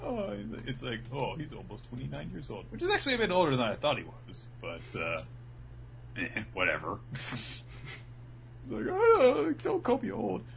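A man telling a story in a casual podcast recap with a bright, forceful tone. His pitch swings widely as he jumps in and out of character bits. He keeps an easygoing chat manner. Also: moderate pace, vocal fry, long pauses, a little hiss or hum. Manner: animated storytelling, acting out characters. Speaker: podcast co-host.

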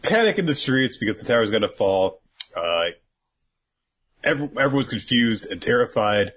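A man's voice: medium pitch, very animated, normal speed, fairly bright tone, poor audio. A man co-hosting a podcast, casually recapping an episode in a rambling way, with lots of fillers and freely dropped swear words. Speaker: podcast co-host.

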